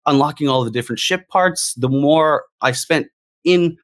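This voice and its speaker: A man speaking as a longtime gamer in a casual discussion, talking in an animated, emphatic way and repeating phrases for emphasis. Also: a little high, measured pace. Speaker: guest gamer.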